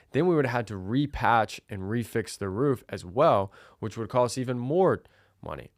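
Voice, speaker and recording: A man's voice: fairly low pitch, no echo, clean studio sound. A man hosting a solo podcast, telling a story in a direct, emphatic way. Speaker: podcast host.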